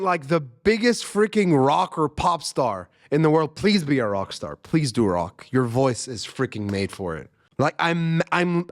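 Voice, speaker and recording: A young man, hosting a music reaction channel and giving casual, emphatic commentary that repeats its points. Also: on the high side. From Arab world. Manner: excited, emphatic, repeats himself.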